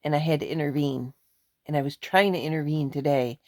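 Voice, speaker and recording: A woman's voice: low voice, steady tone, brisk, darkish tone, no room sound, studio quality. A middle-aged woman venting angrily in a vlog, blunt and emphatic. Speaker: vlogger. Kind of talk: angry ranting vlog.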